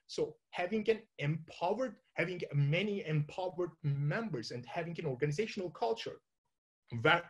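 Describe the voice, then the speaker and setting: A man with a Turkish accent speaks to an audience in a slightly high voice. He thinks out loud as he goes, breaking off and restarting sentences with frequent fillers. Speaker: conference speaker. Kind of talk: informal talk to an audience.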